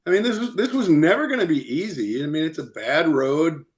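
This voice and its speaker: Podcast guest, male, slightly higher pitch, animated storyteller. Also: brisk. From United States. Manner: animated, chatty, laughs often. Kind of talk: casual storytelling.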